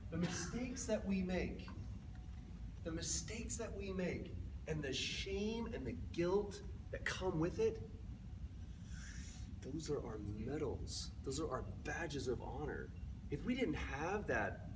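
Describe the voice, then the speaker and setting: A man's voice: a little high, animated, slow pace, long pauses. A man in his early forties speaking to a live convention audience, jokey and then earnest. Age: early 40s. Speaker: convention panel guest. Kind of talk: live panel talk to an audience. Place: large convention hall. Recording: distant mic in a noisy hall.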